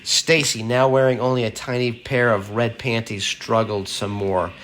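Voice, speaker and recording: A man reads a horror story aloud in a plain, mid-pitched voice. Now and then he breaks off into easy, unpolished asides full of fillers. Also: little pitch movement, normal speed, a bit bright, slight background noise. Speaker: reader.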